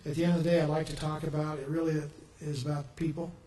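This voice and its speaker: A man's voice: on the high side, level tone, quick pace, warm tone. A man giving an earnest, upbeat public speech as a governor at a press conference. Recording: echoey room, faint noise.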